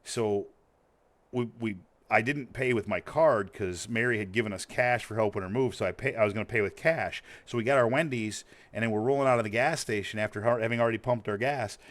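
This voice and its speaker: A man's voice: lowish voice, fairly quick. Rambling, profane man with a Montana accent. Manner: rambling, profane, laughs often. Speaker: streamer. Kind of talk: casual storytelling while gaming.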